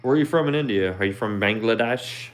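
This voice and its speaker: A talkative man with a Philadelphia accent, hosting a relaxed live stream and answering viewers' comments as they come in. His voice sits fairly low, and he circles back over his words and asks his viewers plenty of questions. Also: brisk. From Philadelphia, Pennsylvania. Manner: chatty, asks viewers questions, repeats himself, laughs often.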